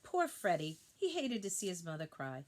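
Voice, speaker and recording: A woman reads a storybook aloud to children, pausing to point out the pictures. Her voice is expressive and moves widely in pitch. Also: a little hiss or hum. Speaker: storybook reader.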